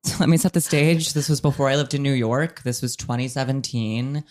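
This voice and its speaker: A man's voice: mid-range voice, fairly quick, darkish tone. A young adult man casually telling a rambling personal story on a podcast, full of fillers and self-deprecating humor. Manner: rambling, full of likes and ums, laughs at himself.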